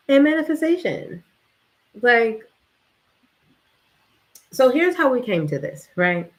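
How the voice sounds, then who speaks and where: A woman vlogger telling a story in casual, slangy talk, animated and often breaking into laughter. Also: lowish voice, low-quality recording.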